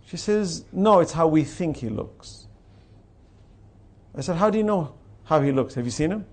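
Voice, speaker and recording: A man giving a religious lecture, telling stories with lively acted-out dialogue and reciting scripture in Arabic. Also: sits high. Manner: animated storytelling, acts out quoted exchanges. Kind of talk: sermon.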